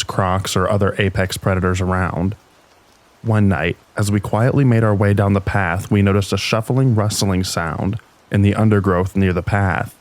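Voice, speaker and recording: A man with a deep voice reading scary stories in a slow, even storytelling manner. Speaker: narrator. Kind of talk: scripted narration of scary stories.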